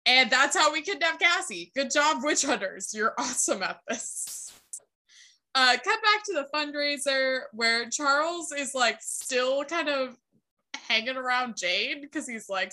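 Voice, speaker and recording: A young woman with a bright, slightly high voice chats through a TV episode as a podcast co-host. She tells it loosely and animatedly, mixing in swearing and quick impressions of the characters. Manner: animated storytelling, acts out characters' lines, swears and laughs. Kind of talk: casual recap chat.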